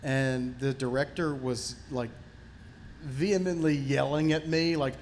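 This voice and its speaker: A man's voice: medium pitch, a little slow, slight background noise. A male actor and comedian on a festival panel, telling stories with lots of fillers. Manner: animated anecdotes with frequent fillers. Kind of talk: casual panel storytelling.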